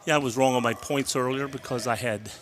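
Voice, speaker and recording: A man calling a high school basketball game play-by-play, out of breath and rising with excitement on the big plays. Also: brisk, a little hiss or hum. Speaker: play-by-play announcer. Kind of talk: local sports commentary.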